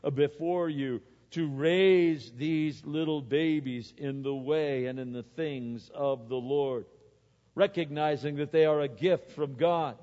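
A man preaches a sermon in a church sanctuary, his fairly high voice swinging from loud, forceful exhortation to quiet, confiding asides. The recording is muffled, and a long reverb trails after each phrase. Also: slow pace. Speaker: pastor.

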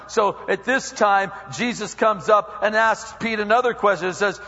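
A male preacher giving a lively sermon that acts out quotes and dialogue, recorded in an echoey hall with dull lo-fi sound. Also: high voice, moderate pace, few pauses.

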